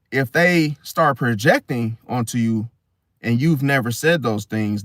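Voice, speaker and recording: A man speaks in a loose, conversational monologue at an ordinary middle pitch. He repeats himself and drops to a soft "see?" at the end of his points. The sound is dry and close, with no room echo. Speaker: astrology video host. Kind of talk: casual monologue.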